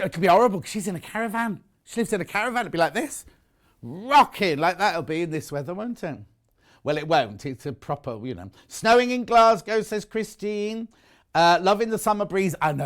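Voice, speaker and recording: A man with a British accent presenting on a live craft shopping show, chatting and teasing as he reads out viewer messages. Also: sits high. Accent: British English. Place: TV studio.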